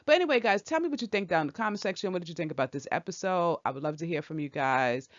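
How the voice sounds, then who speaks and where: Woman host, opinionated and chatty, low-set but very animated delivery, dry muffled recording. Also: rapid-fire, dry recording. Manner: chatty and opinionated, talks back at the characters. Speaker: channel host. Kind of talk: casual soap opera recap. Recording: dull lo-fi, dry sound.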